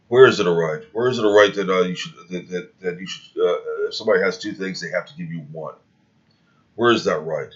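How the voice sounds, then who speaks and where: A man's voice: low-pitched, a little fast. A man speaking in a heated opinion monologue, rambling and restarting his words, recorded with dull, lo-fi sound. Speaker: video commentator.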